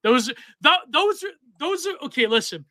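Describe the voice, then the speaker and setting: Male podcast co-host, loose rambly chat, high-pitched, dry close sound. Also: very animated, normal speed, bright, forceful tone, dry recording. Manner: rambling, many fillers and restarts. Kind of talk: casual chat on a livestream.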